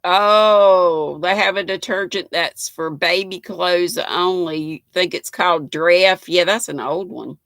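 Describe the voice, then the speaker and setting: Slow, gravelly older Southern woman. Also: on the low side, fairly bright tone, dry recording. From North Carolina. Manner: chatty and folksy, greeting viewers by name. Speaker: live-stream host. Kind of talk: casual live-stream chat reading viewer comments.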